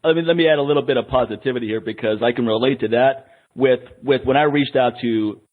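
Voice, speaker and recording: A man's voice: mid-range voice, fast talker, narrow, tinny audio. A man hosting a podcast in casual chat, talking heatedly with frequent restarts. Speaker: podcast host.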